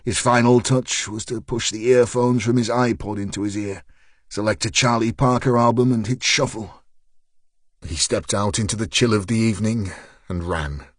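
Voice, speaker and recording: A man narrating a thriller audiobook in a measured, steady storytelling voice. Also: lowish voice, dry recording, clean studio sound. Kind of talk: scripted narration.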